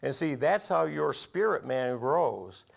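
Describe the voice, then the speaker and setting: Gravelly folksy male preacher. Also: medium pitch, expressive, slow, lo-fi sound. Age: 40s or older. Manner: folksy storytelling, laughs at own stories. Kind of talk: sermon with personal stories.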